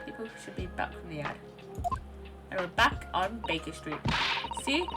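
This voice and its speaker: A chatty woman streams a game and gushes over what she sees. Her pitch swings lively as she talks. Loud background music plays throughout. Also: moderate pace, pauses often. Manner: chatty, gushing. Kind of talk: casual game commentary.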